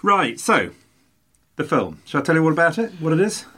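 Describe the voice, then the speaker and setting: A man's voice: a little high, big pitch swings, a little fast, sharp tone, breathy edge. An older man hosting a podcast, chatty and playful, rambling through stories in casual conversation. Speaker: podcast host. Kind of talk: casual chat.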